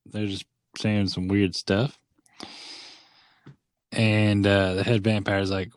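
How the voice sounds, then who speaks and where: A man's voice: lowish voice, steady tone, no room sound. A man co-hosting a podcast, casually recapping a film scene by scene and laughing along. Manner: laughing, recaps scenes with quick quoted voices. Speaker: podcast co-host.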